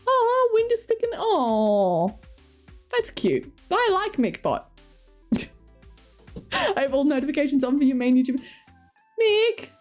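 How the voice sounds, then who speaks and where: Woman streamer rambling to chat, high bouncy voice, giggly. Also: a little mellow. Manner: chatty and giggly, reading chat and talking to her cats. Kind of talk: casual live-stream chat.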